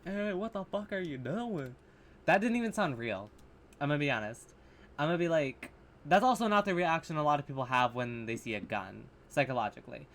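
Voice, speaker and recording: A man's voice: fairly high pitch, big pitch swings, fairly quick, fairly bright tone. A man casually reacting to horror short films, blunt and sarcastic, swearing freely and restarting his sentences. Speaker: reaction video host.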